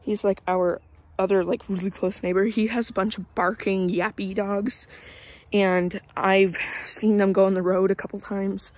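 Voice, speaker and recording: A young woman chatting into her phone camera while walking outside, a little out of breath. Her voice is mid-pitched and sits close and dry, with no room around it. She rambles with fillers and gets indignant at times. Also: little pitch movement, moderate pace, darkish tone, dry recording. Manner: chatty, lots of fillers, indignant about neighbors. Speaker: vlogger. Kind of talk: casual rambling vlog, walking. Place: outdoors in a neighborhood.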